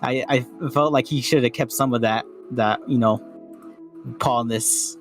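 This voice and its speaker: Man, mid-pitched voice, hesitant, restarts a lot, casual voice-call chat. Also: fairly even intonation, unhurried, soft background music. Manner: hesitant, many fillers and restarts. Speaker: panel guest.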